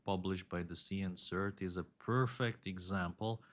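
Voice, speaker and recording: A man co-hosting a podcast, giving measured, opinionated analysis with many fillers. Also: deep voice, steady tone, fairly bright tone. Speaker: podcast co-host. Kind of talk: casual chat.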